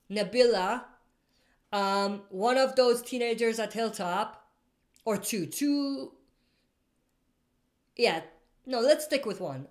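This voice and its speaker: A woman hosting a casual live stream, reading out viewer comments and answering in a rambling way, often stopping to correct herself. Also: fairly high pitch. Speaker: livestream host answering viewer questions.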